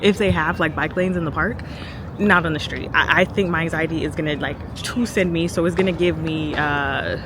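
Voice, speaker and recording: A woman's voice: low-pitched, moderate pace. Chatty young woman vlogging on a noisy street. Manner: chatty, storytelling, addresses viewers as y'all and girl. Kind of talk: casual vlog chat to camera. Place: outdoors on loud city streets and in a park. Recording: noisy street recording with traffic.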